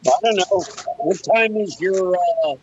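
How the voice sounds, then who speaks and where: Higher-voiced man on a muffled call. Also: a little slow, darkish tone, breathy edge. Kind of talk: casual chat on a video call. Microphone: video call.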